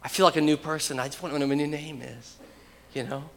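Guy preaching a sermon, bit high voice, big echoey hall, gets loud then goes quiet. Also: fairly even intonation, quick pace, vocal fry. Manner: emphatic, varies volume from loud to hushed. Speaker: pastor.

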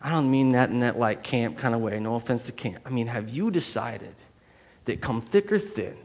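A man preaches a sermon from the pulpit, his voice gravelly at a middle pitch. He swings from loud, emphatic stretches down to quiet, hushed lines and acts out inner voices as he goes. The sound carries a long reverb from a large church hall. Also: animated, normal speed. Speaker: pastor.

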